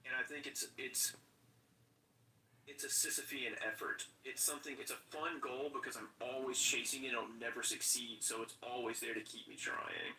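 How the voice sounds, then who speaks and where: A man's voice: mid-range voice, fairly even intonation, moderate pace, bright, forceful tone, echoey room, distant mic, a little hiss or hum, rough recording. A man in his thirties co-hosting a casual livestream chat, rambling and joking. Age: 30s. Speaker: livestream co-host.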